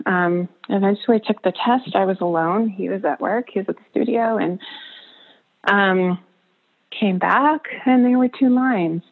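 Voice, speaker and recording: A woman, a birth photographer, tells her personal story in an interview, halting and emotional, laughing often between phrases. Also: medium pitch. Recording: tinny phone-line sound.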